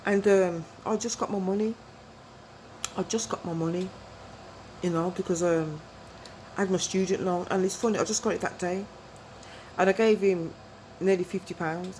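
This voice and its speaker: A woman's voice: on the low side, darkish tone, a little hiss or hum, low-quality recording. A middle-aged woman, telling rambling personal stories to camera, digressive and chatty, often asking "you know what I mean?". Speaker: vlogger.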